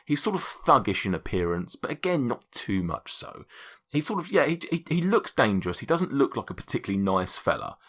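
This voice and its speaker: A man's voice: mid-range voice, very animated, brisk, fairly bright tone. A man narrating a tabletop game as game master, rambling casually with many restarts.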